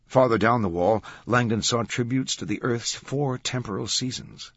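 A man narrating an audiobook in a measured, dramatic reading. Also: medium pitch, slightly rough, no echo. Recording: dull, dry studio sound.

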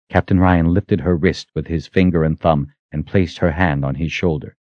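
A man reading an audiobook in steady, even scripted narration. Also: low voice, normal speed, few pauses, dry recording.

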